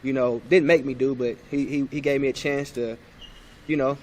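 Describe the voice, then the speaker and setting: A man's voice: medium pitch, moderate pace, a little hiss or hum. A man in his thirties, a former point guard, telling stories in a casual podcast interview and acting out old conversations. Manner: animated, acts out past conversations.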